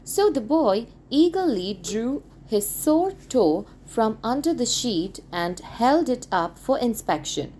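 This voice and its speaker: Slow, lively woman storybook reader. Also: fairly high pitch, a little hiss or hum. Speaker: audiobook reader. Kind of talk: expressive read-aloud narration.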